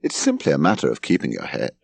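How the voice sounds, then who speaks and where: A man voicing a pompous, drowsy young man who lectures his family with lofty calm. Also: very deep voice, quick pace, gravelly, breathy edge, no room sound, pitched below the performer's own voice, exaggerated voice.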